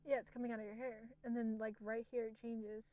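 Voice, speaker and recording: A woman's voice: a little high, level tone, fast talker, dry recording, narrow, tinny audio. A young woman co-hosting a podcast, chatting casually and teasingly about books, often laughing. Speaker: podcast co-host. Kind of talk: casual book chat.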